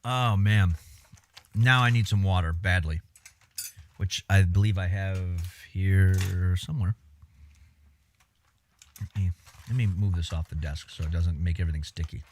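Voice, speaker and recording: Laid-back low-voiced male streamer. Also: steady tone, unhurried, pauses often, a little hiss or hum. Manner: laid-back, swears often, talks while eating. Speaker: livestreamer. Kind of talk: casual livestream chat.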